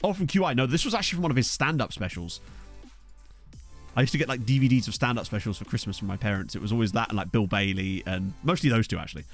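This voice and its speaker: A man's voice: medium pitch, quick pace, faint music behind. A young man streaming at home, chatting and rambling to his viewers while playing a game. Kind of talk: casual live-stream chat while playing. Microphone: desktop USB mic.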